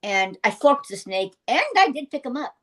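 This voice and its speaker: An older woman with a slightly high voice tells animated stories as a guest in a casual interview. She laughs often as she talks. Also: normal speed. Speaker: guest actress.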